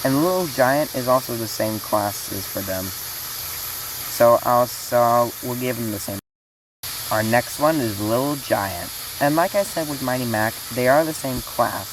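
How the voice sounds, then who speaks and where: A woman with an extremely low voice runs through a fan casting call in a loose, casual way. She rambles, uses many fillers and often restarts her sentences. A steady hiss sits in the background. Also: unhurried. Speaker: fan series creator running a casting call. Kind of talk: casual spoken announcement.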